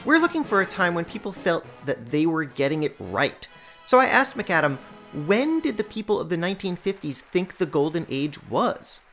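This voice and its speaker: A woman's voice: fairly low pitch, sing-song, moderate pace, a bit bright, faint music behind. A woman hosting a podcast, narrating a script with wry, playful asides. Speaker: podcast host.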